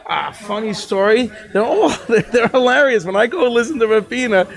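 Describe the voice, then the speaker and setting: A man's voice: very high voice, lively intonation, normal speed, gravelly, a bit bright. A man, a rabbi at a yeshiva fundraiser broadcast, telling playful, jokey anecdotes in a casual way. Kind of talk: casual storytelling.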